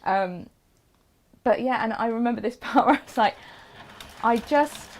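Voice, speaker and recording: A woman's voice: fairly high pitch, normal speed. An English woman co-hosting a live sewing show, chatting casually and giggling as she reads out viewer comments. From England. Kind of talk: casual live-stream chat.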